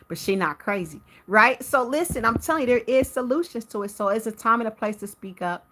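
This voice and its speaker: A woman hosting a live stream, telling her viewers about a dispute with a neighbor in a heated, animated way and talking to them directly. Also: fairly high pitch, fairly quick, hardly any pauses, a little hiss or hum. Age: adult with a teenage son. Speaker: livestream host.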